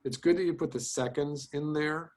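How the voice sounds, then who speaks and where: A man's voice: a little high, steady tone, normal speed, a little mellow. A man teaching an online class, giving chatty, rambling feedback on student storyboards, with many fillers and restarts. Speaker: storyboard instructor. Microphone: video call.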